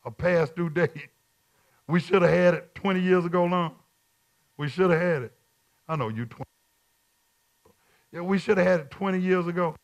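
A man preaching at Bible study as a bishop, repeating his lines in call-and-response and swinging from quiet talk to shouts. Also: high-pitched, moderate pace, long pauses.

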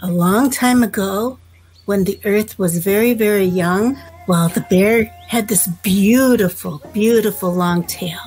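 A woman storyteller telling a folk tale to children in a gentle, unhurried way. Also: medium pitch, slightly rough, rough recording.

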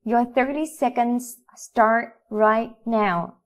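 A woman with a Vietnamese accent, a native Vietnamese speaker teaching an English lesson to children in a slow, deliberate, instructive way. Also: fairly high pitch, fairly even intonation.

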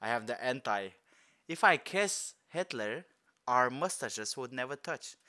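A young man, reacting to a trailer in rambling slang. His voice is bright and sharp, and his pitch swings widely. He talks loosely and gets carried away. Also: unhurried. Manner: excitable, slangy, rambling, bursts into shouts and laughs. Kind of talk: casual reaction commentary.

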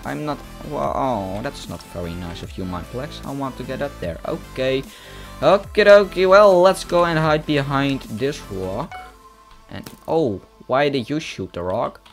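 A European man giving excitable live commentary on a game, talking to opponents and to his viewers. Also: medium pitch. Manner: excitable, talks to opponents and viewers, yelps at kills. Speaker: gaming YouTuber. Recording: music playing under voice.

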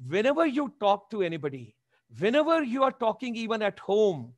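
Speaking briskly in a high, sing-song voice, this Indian-accented motivational speaker in his seventies urges his webinar audience on again and again over a video call. The sound is dry and clean, like a studio.

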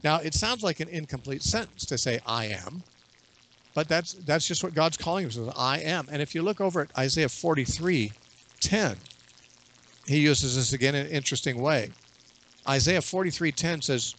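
A man in a radio interview, a bible teacher explaining scripture in a measured way and quoting verses at length. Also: fairly high pitch, expressive, a bit bright.

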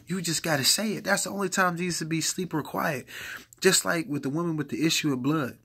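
A man's voice: medium pitch, brisk, a bit bright, slightly rough. A man preaching informally to camera in an earnest, exhorting way, repeating his points for emphasis. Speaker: lay preacher.

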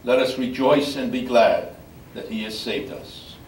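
An older man, a priest, reading scripture in a measured, solemn way at a memorial service. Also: mid-range voice. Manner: measured solemn reading, halting when speaking freely. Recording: echoey room from far off, faint background noise.

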